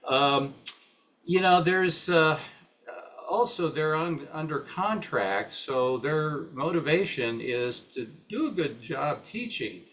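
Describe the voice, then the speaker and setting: A man's voice: fairly high pitch, animated, fairly bright tone. Older male retired academic, unscripted, hesitant, lots of "uh", slightly dull lo-fi audio. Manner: halting, many fillers and restarts. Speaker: retired professor presenting at a meeting. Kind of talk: unscripted talk.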